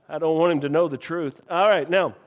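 A man's voice: on the high side, a little slow, big-room sound. A man preaching a sermon, telling folksy stories and joking with his congregation. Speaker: pastor.

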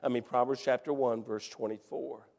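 A man preaching a sermon, telling a personal story with rising emotion and bursts of shouting. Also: mid-range voice, steady tone, moderate pace, vocal fry, in a large hall.

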